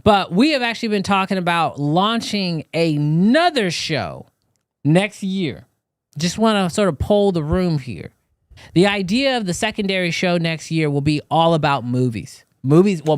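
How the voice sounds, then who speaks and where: Male live-show host, high voice, dry close sound, chatty, talks to the audience. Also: clear, resonant tone, no echo. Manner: loose, chatty, talks straight to viewers. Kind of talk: casual live-stream chat.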